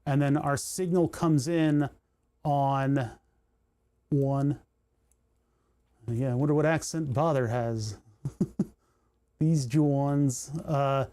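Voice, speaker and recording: A man's voice: medium pitch, fairly even intonation, slow pace, pauses often, warm tone. A man hosting a livestream, chatting casually and thinking aloud with joking asides as he solders. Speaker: livestream host building electronics.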